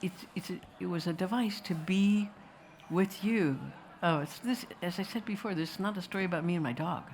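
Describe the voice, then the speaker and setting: A woman's voice: on the low side, fairly quick, few pauses, a little mellow, a little hiss or hum. A woman telling a wry, digressive story to a festival audience and slipping into voices now and then. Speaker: filmmaker answering questions.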